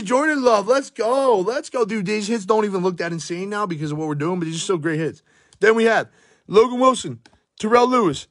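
In studio-quality audio with no echo, a young card breaker with a high, fairly bright voice gives live pack-opening commentary. He's hyped and swearing, rattling off player names and sounding breathless.

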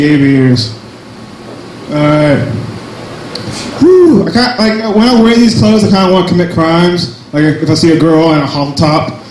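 A man's voice: fairly high pitch, a little mellow, reverberant, a little hiss or hum, low-quality recording. A young man doing a crude, self-mocking stand-up set at an open mic, full of jumpy asides. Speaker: stand-up comedian. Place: small cafe comedy night.

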